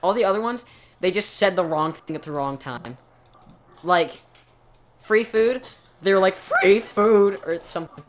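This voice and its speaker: A man's voice: a little high, fairly quick, background noise. A man co-hosting a podcast, chatting casually and rambling through explanations with many restarts. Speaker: podcast co-host. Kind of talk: casual chat.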